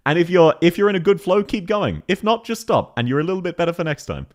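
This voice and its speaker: A man's voice: high voice, very animated, fast, a little mellow. A young man chatting casually on a live stream while playing a game, laughing often and answering chat.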